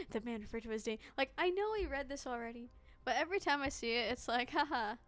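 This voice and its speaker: A woman's voice: high voice, expressive, fast talker, a bit bright. A woman streamer giving casual, playful commentary while she plays a game, joking and laughing often.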